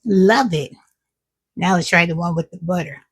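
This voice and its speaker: A woman's voice: on the low side, normal speed, slightly rough. A middle-aged woman hosting her own cooking vlog, chatting with viewers while she tastes her food. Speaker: cooking vlogger. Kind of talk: casual cooking vlog chat.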